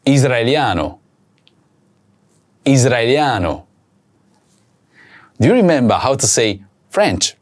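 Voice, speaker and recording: A man's medium-pitched voice swings widely in pitch as he teaches a recorded language lesson, voicing each word slowly and repeating it for practice.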